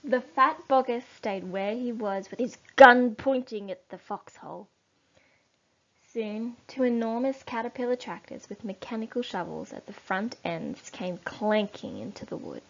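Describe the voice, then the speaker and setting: A woman teacher reading a children's story aloud for a lesson, slow and expressive. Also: a little high, vocal fry. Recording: dull lo-fi recording.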